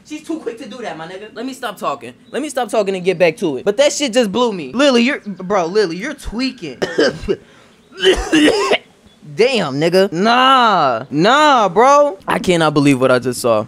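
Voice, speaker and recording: Loud, animated young man reacting to a game. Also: high voice, moderate pace. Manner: animated, loud outbursts, repetitive. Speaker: gaming video host.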